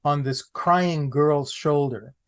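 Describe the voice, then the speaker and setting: A man, an actor guest on a podcast, telling anecdotes in an animated way, repeating phrases for comic effect. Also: a little high, slow pace. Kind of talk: anecdotal storytelling.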